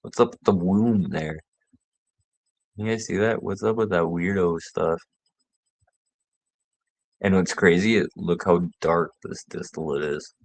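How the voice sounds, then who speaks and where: A man's voice: deep voice, a little slow, long pauses. A man hosting his own show, rambling and joking with heavy swearing. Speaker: show host. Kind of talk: casual rambling monologue.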